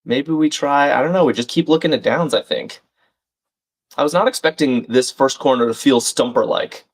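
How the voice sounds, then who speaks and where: During a live crossword stream, a man talks casually with his chat at a moderate pace and an everyday middle pitch. He works through the puzzle out loud, reading clues and viewers' names and adding friendly asides.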